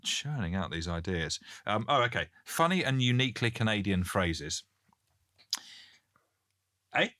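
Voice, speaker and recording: A man's voice: on the low side, lively intonation, moderate pace, hardly any pauses, bright, forceful tone, no room sound, studio quality. A British man co-hosting a podcast in casual chat, joking and reading out listener messages. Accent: British English. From Britain. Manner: jokey, reads listener messages aloud. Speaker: podcast co-host. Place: Canada.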